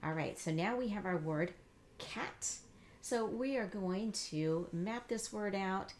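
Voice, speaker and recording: A woman reading teacher giving a patient, encouraging lesson, slowly modeling letter sounds and explaining each step. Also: medium pitch, a little hiss or hum. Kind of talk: instructional demonstration.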